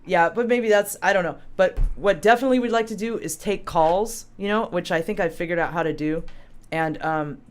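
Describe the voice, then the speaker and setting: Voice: medium pitch, brisk, clear, resonant tone. A live-stream co-host chatting casually, telling stories in a rambling, self-interrupting way and reading out viewer comments. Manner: rambling, self-interrupting storyteller who reads out viewer chat. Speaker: livestream co-host.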